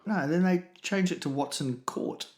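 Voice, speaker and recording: A man co-hosting a comedy podcast, full of deadpan asides. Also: on the high side, normal speed, reverberant. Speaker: podcast co-host. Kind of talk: comedic banter.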